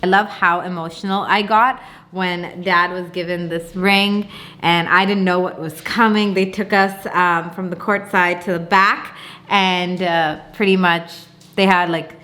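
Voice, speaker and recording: A woman's voice: fairly low pitch, steady tone, unhurried, pushed and bright. Bubbly young woman vlogging at home. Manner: bubbly, giggly, chatty. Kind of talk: casual vlog chat. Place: family home, indoors.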